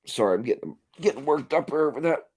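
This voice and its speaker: A man's voice: on the high side, lively intonation, fairly quick, a little mellow, slightly rough. A man hosting a casual livestream, ranting and reading viewer comments aloud. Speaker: livestream host.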